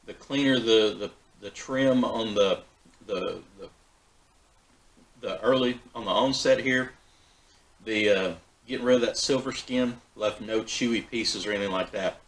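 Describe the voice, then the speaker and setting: Man, fairly low voice, folksy, easygoing backyard barbecue vlog. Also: a little slow, poor audio. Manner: relaxed, folksy, with frequent fillers and restarts. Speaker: backyard BBQ channel host. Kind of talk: casual cooking vlog.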